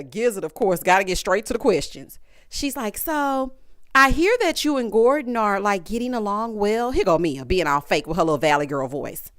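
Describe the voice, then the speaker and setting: Sassy animated woman recapping TV. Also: on the high side, clean tone. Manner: sassy, animated, mimics cast members in quoted voices. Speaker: recap commentator. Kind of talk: casual reality-show recap commentary.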